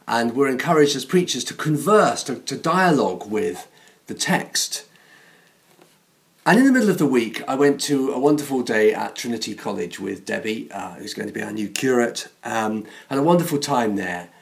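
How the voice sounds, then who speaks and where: Man, parish priest, informal sermon, self-deprecating, lively and varied pitch. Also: normal speed, vocal fry.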